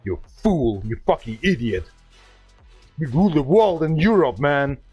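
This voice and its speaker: A man's voice: a little high, sing-song, unhurried, a little mellow, slightly rough, dry recording, soft background music. A man from Bavaria with a German accent, ranting profanely and hurling insults at another player during a gaming livestream. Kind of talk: angry livestream rant.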